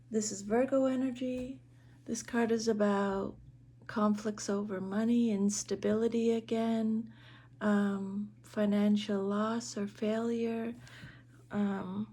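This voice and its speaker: Woman, tarot reader, soft-spoken, hesitant, flat delivery, warm tone. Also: on the high side, breathy edge. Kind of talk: tarot reading.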